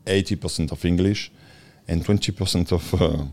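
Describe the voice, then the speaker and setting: A man from France with a French accent, answering interview questions haltingly, with many pauses. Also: low-pitched, steady tone, darkish tone. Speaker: guest, former footballer and actor.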